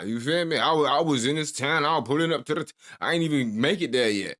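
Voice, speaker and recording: A man's voice: on the high side, expressive, quick pace, few pauses, fairly bright tone. A man reacting to a video clip in casual commentary, laughing and hyping it up. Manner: laughing, hyped banter.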